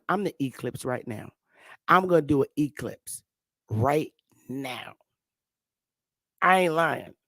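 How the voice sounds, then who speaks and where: A man's voice: fairly high pitch, vocal fry, a bit bright, dry recording, clean studio sound. A man hosting his own online show, ranting casually to viewers in a loose, mocking, slangy way, full of asides and restarts.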